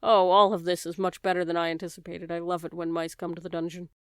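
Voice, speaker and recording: Woman voicing a cruel male rat, mocking and relishing, storybook, smooth voice. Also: on the low side, little pitch movement, fast talker, dry recording, clean studio sound, natural voice. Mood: gleeful.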